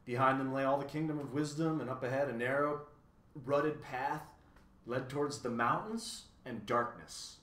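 A man's voice: mid-range voice, moderate pace, fairly bright tone. A man reading a children's novel aloud, with casual asides to viewers, recorded in an echoey room. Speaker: reader.

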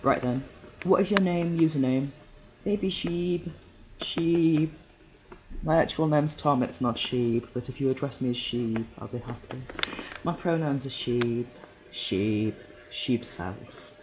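A man's voice: mid-range voice, slow pace, noisy background. A young man from Yorkshire, now living in London, rambling and swearing casually through a questionnaire video at home. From Yorkshire, England. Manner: rambling, sweary, self-deprecating. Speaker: vlogger. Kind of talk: casual solo vlog, answering a questionnaire.

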